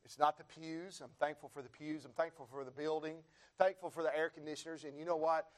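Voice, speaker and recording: High-voiced fervent American preacher. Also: male voice, steady tone, fairly quick. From United States. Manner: rising to fervent shouts, repetitive rhythmic phrasing; congregation answers with amens. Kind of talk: sermon. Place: church.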